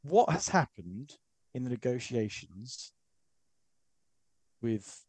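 A man's voice: mid-range voice, big pitch swings, takes it slowly, darkish tone, slightly rough, no room sound. A man co-hosting a podcast, bantering sarcastically and rambling in casual chat. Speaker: podcast co-host.

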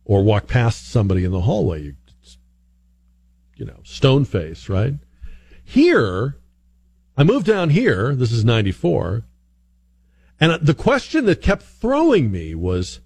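A male radio talk host from the northern United States speaks in a casual, chatty way. His pitch moves a lot as he spins anecdotes and now and then mimics other people's voices. He is recorded in a studio. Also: unhurried, gravelly, long pauses, slightly rough. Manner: chatty, animated, mimics voices mid-story.

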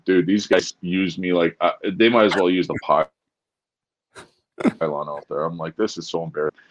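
A man's voice: low voice, moderate pace, muffled recording, slight background noise. A man from Canada in his forties, a former hockey player telling stories as a guest in a laid-back, easygoing way. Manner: laid-back, storytelling, says dude. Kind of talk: casual interview chat.

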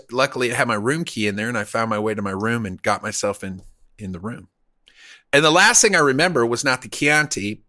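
A man's voice: lowish voice, sharp tone. A middle-aged man casually telling a crude, rambling anecdote with frequent laughs. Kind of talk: casual storytelling.

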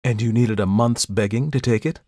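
Jealous proud young woman, sharp and cold, voiced by a male narrator, dry close recording. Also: mid-range voice, moderate pace, dry recording, close to an everyday voice. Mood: accusing. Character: jealous elder sister, proud and bitter.

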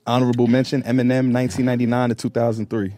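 A man's voice: medium pitch, flat delivery, rapid-fire, warm tone, dry recording. A man speaking as a guest on a podcast, laid-back and a little hesitant, laughing easily. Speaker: guest rapper. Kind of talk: casual podcast interview.

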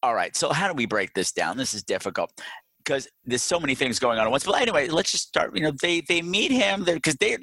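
Bright-voiced man, dry close sound. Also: a little high, very animated, fairly quick, no room sound. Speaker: podcast co-host. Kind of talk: casual movie discussion.

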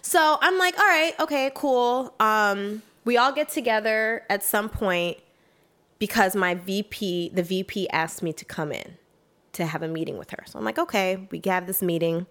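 A young woman recounts a workplace story in relaxed, casual conversation. She talks with emphatic, animated delivery and slips into quoting herself and others as she goes. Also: mid-range voice, normal speed. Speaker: guest telling a work story.

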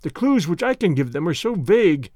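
A man's voice: on the high side, big pitch swings, brisk, warm tone, no room sound, studio quality. A man reading the part of a pale young engineer who is polite, weary and nervous. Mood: shaken.

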